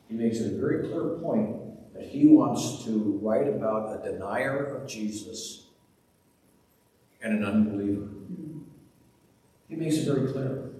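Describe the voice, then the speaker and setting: A pastor delivers a slow, deliberate sermon and retells scenes with drama. His voice carries through a long, reverberant church hall. The mic sits well away from him, with faint room ambience behind. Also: mid-range voice, warm tone, distant mic.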